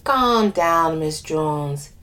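A woman's voice: sits low, animated, very slow, fairly bright tone, exaggerated voice. A woman voicing a shrewd older female nurse with a lilting West Indian accent, asking clipped clinical questions in a story reading. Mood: calming. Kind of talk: audio drama reading.

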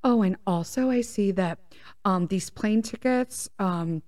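A woman's voice: mid-range voice, measured pace, a little mellow. A woman hosting a podcast, telling a story as a heavily profane, exasperated rant. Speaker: podcast host.

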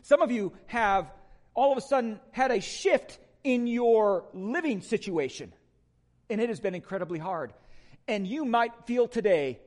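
A man preaching a sermon to a congregation, asking rhetorical questions and swinging between loud emphatic lines and quiet ones. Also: high voice, animated, unhurried. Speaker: pastor.

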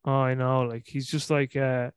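A man in his thirties from Ireland with an Irish accent, hosting a podcast in animated casual chat. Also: medium pitch, moderate pace, clean tone, dry recording. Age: 30s. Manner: animated, laughing, acts out quotes. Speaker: podcast host.

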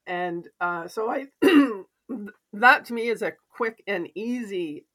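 A woman's voice: medium pitch, animated, slow, fairly bright tone. A woman, a podcast guest and mentor, telling stories and advice in an earnest, reflective way. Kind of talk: casual interview chat.

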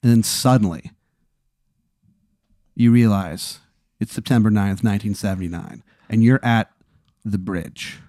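A man's voice: lowish voice, a little slow, pauses often, mellow, dry recording, clean studio sound. Rambling man spinning a comic hypothetical. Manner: rambling, full of fillers and restarts. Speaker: podcast host posing a hypothetical. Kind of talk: improvised comedic storytelling.

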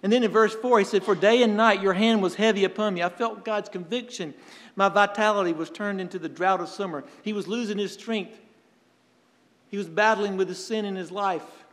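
A male pastor preaching a sermon, earnest, telling stories and pausing for effect. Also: sits high, a bit bright, long reverb tail. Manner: earnest preaching with storytelling and dramatic pauses.

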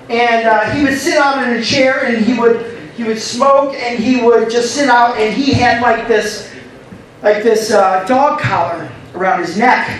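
A man's voice: very high voice, a bit bright, distant mic. A man preaching a sermon as pastor, telling a story with laughs and calling to the congregation. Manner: storytelling with laughs, call-and-response. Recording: roomy echo, from the mic.

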